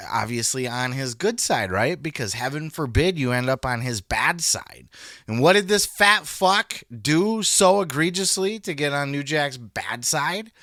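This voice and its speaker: A male podcast host gives blunt, profane commentary, reacting with animated disbelief. His voice has a bright, sharp edge. The sound is dry and close, with no room around it. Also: on the high side, no echo. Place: indoors, sirens passing outside.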